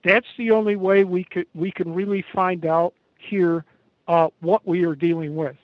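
High-voiced American man on a dull call line. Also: flat delivery, no room sound. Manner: halting, emphatic, many pauses. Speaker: interview guest. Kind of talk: remote interview over a call. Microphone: internet call. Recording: dull lo-fi internet call audio.

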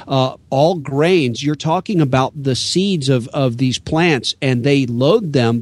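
A man's voice: medium pitch, darkish tone, no echo. A man from the United States, a guest author and radio host, explaining his views earnestly with many fillers and restarts. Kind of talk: casual interview talk.

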